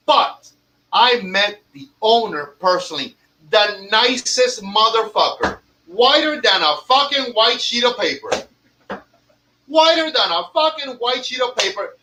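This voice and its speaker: A man's voice: a little high, sharp tone, rough recording. A man who owns a cigar lounge, telling stories in a profane, emphatic podcast rant. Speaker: cigar lounge owner and tobacconist.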